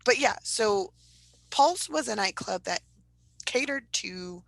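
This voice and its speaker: A young woman co-hosting a podcast in casual chat, telling stories with animated bursts of high-pitched impressions. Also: slow, vocal fry, no room sound, low-quality recording. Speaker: podcast co-host.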